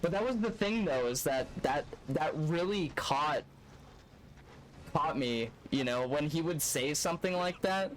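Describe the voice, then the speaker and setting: A young man, live-streaming a speedrun, spins a long story casually, wandering and swearing as he goes. He has a fairly high, expressive voice and keeps a measured pace, with slight background noise.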